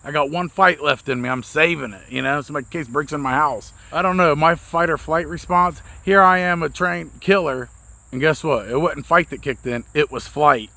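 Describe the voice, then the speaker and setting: A man with a gravelly, bright, fairly high voice tells a rambling, profane story at his own expense. He talks casually to camera outdoors, with crickets chirping behind him. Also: normal speed. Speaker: vlogger, mobile mechanic.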